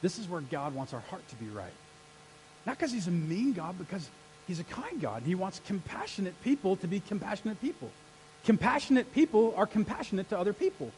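Male pastor, higher voice, lively sermon delivery that pulls the room into call-and-response, faint hum behind. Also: a little fast, rough recording. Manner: energetic, rallies the congregation with call-and-response. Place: church sanctuary.

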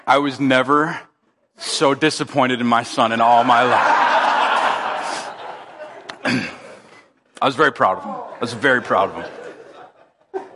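A man, a pastor, telling a story in a sermon in an animated, self-mocking way, stumbling and restarting often. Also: medium pitch, slow, pauses often, big-room sound, slight background noise. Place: church auditorium.

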